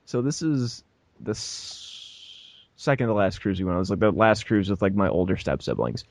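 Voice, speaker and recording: On a podcast he co-hosts, a young man spins an animated, casual story, voicing its characters and laughing partway through. His lowish voice moves at a normal speed, with no room sound in the recording.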